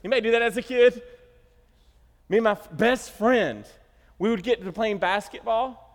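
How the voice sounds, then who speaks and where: Animated man preaching in a reverberant hall. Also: high voice, normal speed. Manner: animated storytelling, acting out quotes. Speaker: pastor. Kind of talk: sermon.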